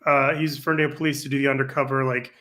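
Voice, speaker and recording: A man's voice: medium pitch, flat delivery, rapid-fire, pushed and bright. A man telling a rambling story as a guest on a podcast, casual and profane.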